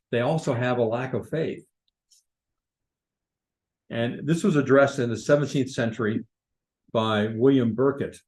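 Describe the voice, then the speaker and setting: Over poor audio, a male Bible study leader with a mid-range, slightly mellow voice teaches in a conversational way. He's informal, uses fillers and restarts, and poses questions to the class.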